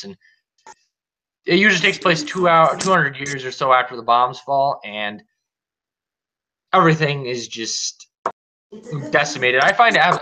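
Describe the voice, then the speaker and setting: A man's voice: medium pitch, sharp tone, a little hiss or hum, rough recording. A man hosting a live stream, talkative and explaining at length, often restarting his words. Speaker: stream host. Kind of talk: casual chat on a live stream.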